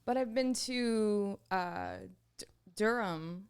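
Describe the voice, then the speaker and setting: A woman's voice: medium pitch, takes it slowly, darkish tone, clear, resonant tone. A woman co-hosting a podcast, giggly and self-deprecating in casual chat. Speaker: podcast co-host.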